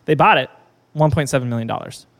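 A man's voice: medium pitch, lively intonation, fast talker, creaky, a bit bright, in a large hall. A man co-hosting a podcast, telling a business story in a loose, rambling way with fillers. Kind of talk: casual chat.

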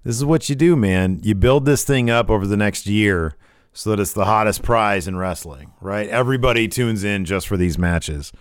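A man's voice: on the low side, normal speed, smooth, no echo, clean studio sound. A man co-hosting a casual livestream, chatting about wrestling with eager, rambling talk full of restarts. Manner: enthusiastic, rambling with restarts and frequent agreement sounds. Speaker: co-host.

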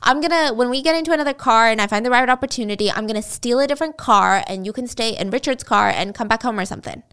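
A woman's voice: on the high side, fast talker, fairly bright tone, clean tone. A woman voicing a menacing young male captor who talks in curt, bossy orders and swears. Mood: falsely reassuring.

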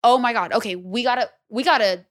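Brief young woman, singer guest, slangy animated storyteller, dry close mic. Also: a little high, fairly quick, no room sound. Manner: animated, slangy, acts out her own past reactions. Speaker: recording artist guest. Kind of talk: casual interview storytelling.

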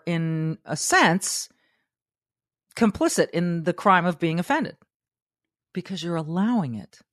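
Woman podcast host, lowish pitch, dry close mic, animated talk with acted-out quotes. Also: no echo. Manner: animated, acts out quotes, laughs often. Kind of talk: motivational monologue.

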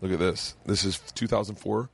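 A man's voice: sits low, fairly even intonation, brisk, vocal fry, a bit bright, husky, no echo. A middle-aged man hosting a podcast, telling stories in boisterous, casual chat and swearing freely. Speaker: podcast host. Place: home studio.

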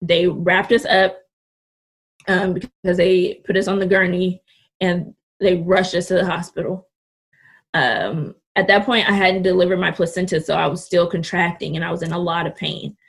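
A woman's voice: fairly low pitch, steady tone, normal speed, gravelly, a bit bright. A young woman in her twenties, a podcast guest, telling a story in casual, candid, blunt talk and swearing freely. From California Bay Area.

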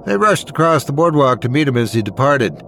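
Expressive man narrating horror stories. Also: mid-range voice, brisk, slight background noise. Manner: expressive, dramatic. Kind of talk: scripted horror story narration.

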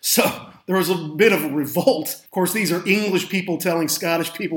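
Enthusiastic high-voiced man in a roomy studio. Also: fairly quick. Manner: enthusiastic, laughs often, wry asides. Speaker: podcast co-host. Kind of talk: casual film review chat. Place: recording studio. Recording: roomy echo.

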